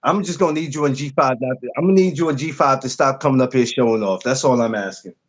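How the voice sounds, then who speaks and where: A man's voice: mid-range voice, quick pace. A man hosting a podcast in casual morning chat, playful and teasing, repeating his phrases. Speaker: podcast host.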